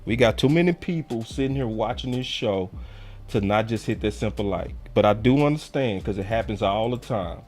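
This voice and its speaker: A man's voice: on the low side, lively intonation, normal speed, a little mellow. Slangy, easygoing man hosting a fan show. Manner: loose and slangy, keeps urging viewers to like. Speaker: host of a fan call-in show. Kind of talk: casual live-stream chat.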